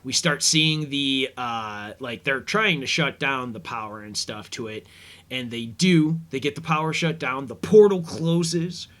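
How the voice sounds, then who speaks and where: A man's voice: mid-range voice, measured pace, a bit bright. A man hosting a casual episode commentary, rambling easygoing with lots of fillers. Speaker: podcast host.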